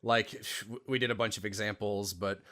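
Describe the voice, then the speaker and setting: A man's voice: lowish voice, fairly even intonation, a little fast, fairly bright tone. A young man hosting a podcast about voice acting, chatting casually with a self-deprecating manner. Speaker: podcast co-host, voice actor. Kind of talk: casual chat.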